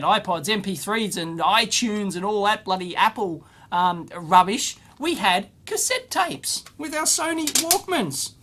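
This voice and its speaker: A man's voice: high-pitched, bright, forceful tone, slight background noise. A middle-aged man hosting an electronics video, unboxing viewer mail in casual commentary that is exclamatory, bluntly scornful and full of rambling asides.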